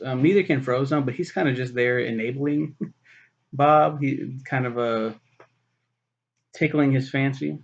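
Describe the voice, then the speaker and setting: Man, gravelly, profane, rambling film reviewer, dull lo-fi recording. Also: mid-range voice. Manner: profane, rambling, full of fillers and restarts.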